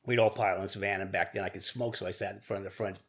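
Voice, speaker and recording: A middle-aged man, a podcast guest, telling his own story candidly, profanely and haltingly, with many restarts. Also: deep voice, steady tone, a bit bright. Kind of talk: casual storytelling interview.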